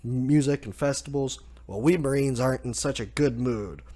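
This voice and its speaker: A man voicing a laid-back, arrogant male navy admiral who talks in a dismissive, unhurried drawl. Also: mid-range voice, mellow, lightly acted.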